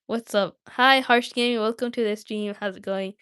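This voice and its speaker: A woman's voice: on the high side, fairly even intonation, moderate pace, fairly bright tone, smooth. A young woman hosting a livestream, chatting casually with viewers in a rambling, self-interrupting way. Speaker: livestream host.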